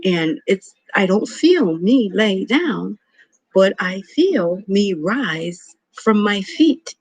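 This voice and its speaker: Man in his 30s, rambling casual storyteller, a bit high, husky voice. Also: big pitch swings, drawn-out words, dry recording, poor audio. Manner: rambling, profane, repeats himself. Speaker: vlogger.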